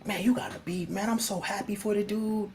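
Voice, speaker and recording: Male host, blunt and profane, animated casual monologue, laughs a lot. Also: sits high, brisk, a little hiss or hum. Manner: laughs often.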